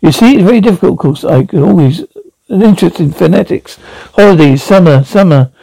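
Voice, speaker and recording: Man reading an eccentric traveller, fussy and musing, dark, dry sound. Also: sits high, expressive, a little fast, vocal fry, slightly rough, no echo, heavily acted, low-quality recording.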